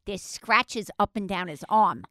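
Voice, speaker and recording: An older woman co-hosting a podcast, telling a family story in casual chat, animated and swearing, acting out the voices of others. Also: medium pitch, a little slow, no echo, clean studio sound. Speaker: podcast co-host, mother.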